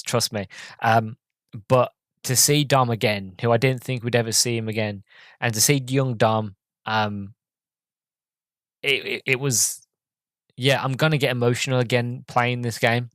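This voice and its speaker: A man's voice: medium pitch, no room sound. A man hosting a podcast alone, talking casually and earnestly, with many ums and restarts and a voice that gets emotional. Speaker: podcast host. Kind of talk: casual solo podcast talk.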